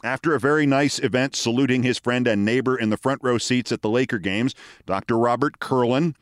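Male host, sixties, Bronx-born, with a neutral accent. Dry, deliberate storyteller with a dead studio sound. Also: medium pitch, dry recording. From the Bronx, New York. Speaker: host, commentator. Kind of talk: scripted storytelling monologue.

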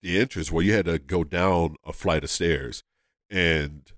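A man with a low voice tells a story in a loose, casual way. He jumps into the voices of the people he quotes. The sound is dry and close, with no room echo. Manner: animated, acts out quotes with big pitch jumps. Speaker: comedian guest.

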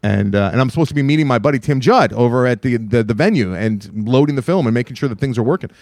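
Man, fast-talking podcast co-host, animated storytelling, acts out dialogue, dry sound. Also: mid-range voice, dry recording. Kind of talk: casual storytelling chat.

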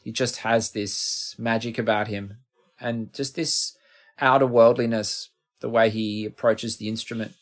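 A man's voice: fairly low pitch, fairly even intonation, a little slow. A middle-aged man with an Australian accent, a guest musician telling rambling, self-deprecating stories in a casual interview.

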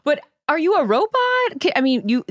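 A woman's voice: high-pitched, big pitch swings, fairly quick, dry recording, studio quality. A woman host chatting casually, reassuring and supportive. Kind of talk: casual chat.

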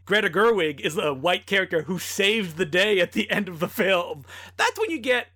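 Bright-voiced critical man. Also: high voice, big pitch swings. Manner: blunt, critical, quick asides. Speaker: podcast co-host. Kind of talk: casual film discussion.

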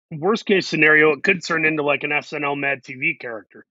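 A man's voice: fairly high pitch, steady tone, fast talker, few pauses, pushed and bright, no echo, muffled recording. A man talking in a casual interview, earnest and reflective, working through his ideas in long, run-on thoughts. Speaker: actor, guest.

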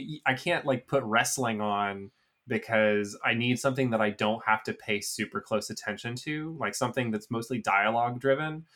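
A man's voice: on the low side, sharp tone. A man hosting a wrestling podcast, chatting in an easygoing, rambling way with many fillers. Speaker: podcast host. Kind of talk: casual chat.

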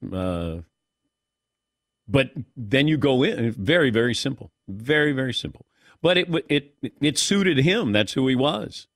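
A man from Southern Ohio hosting a sports radio show. His pitch swings widely as he chats, and he laughs and mimics voices often. The sound is dry and close. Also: expressive, measured pace, a bit bright, dry recording. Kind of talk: casual chat.

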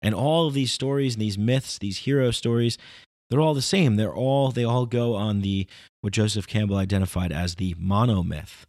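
Male, reflective monologue, digressive and emphatic, deep-ish, dry recording. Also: normal speed, darkish tone, dry recording. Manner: rambling, philosophical, emphatic.

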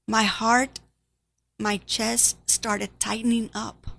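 Woman, nurse, personal testimony, gravelly, rather high, halting, emotional. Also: little pitch movement, a bit bright. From Spanish-speaking background. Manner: emotional, halting, drops to near whisper at times.

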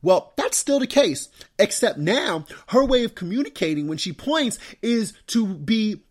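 A young adult man hosting a podcast, telling stories about his baby daughter in a casual, animated way. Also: moderate pace, breathy edge. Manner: animated storytelling, mimics his wife and daughter in high voice. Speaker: podcast host. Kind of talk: casual solo podcast talk.

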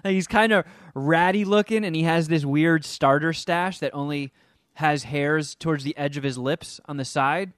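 Reviewing a film as a podcast co-host, this man tells the plot with animated flair and hams up goofy character voices. He speaks at normal speed in a clear, resonant voice that's a little high for a man, captured in a dry, close recording with no room sound.

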